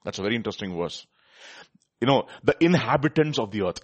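A man's voice: mid-range voice, animated, brisk, slightly rough. A man preaching a sermon, reading scripture aloud, asking his listeners questions and laughing often.

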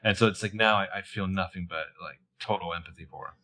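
A man's voice: sits low, steady tone, fast talker, bright, forceful tone. A man co-hosting a podcast, recapping a show in casual chat with wry jokes and frequent laughs. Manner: jokey, wry asides, laughs often. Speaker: podcast co-host.

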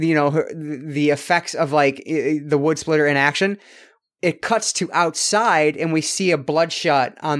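A man's voice: on the high side, a bit bright. A man co-hosting a casual film review podcast, talking in a rambling way with many fillers and restarts. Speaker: podcast co-host.

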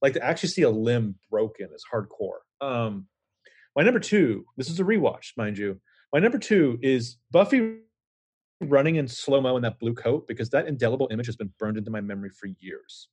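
A man co-hosting a casual podcast chat, animated and joking, with frequent swearing. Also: medium pitch, fairly quick, husky. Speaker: podcast co-host.

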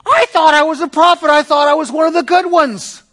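Sermon aside: a man playing a remorseful prophet, high, pleading, first person. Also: fairly quick, bright, forceful tone. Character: remorseful male prophet confessing his failings.

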